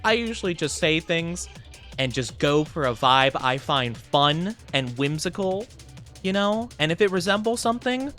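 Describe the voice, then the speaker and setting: A male VTuber streams casual live gameplay commentary in a slightly high voice at a moderate pace, with faint music behind him. He's bubbly and excitable, giggling and rambling with plenty of fillers.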